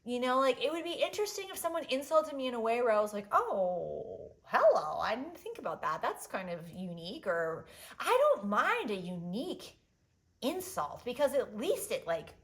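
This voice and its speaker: A woman in her thirties hosting a solo podcast in casual chat, animated and blunt, swinging between loud outbursts and quiet asides, with lots of "like" and "um". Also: a little high, normal speed. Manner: swears freely, fillers like "like" and "um". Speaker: podcast host.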